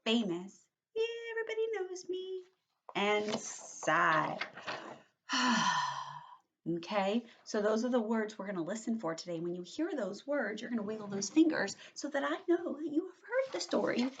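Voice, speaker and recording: A woman teacher giving a read-aloud vocabulary lesson to young children, animated and patient, checking in with little questioning tags. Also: medium pitch, a little hiss or hum.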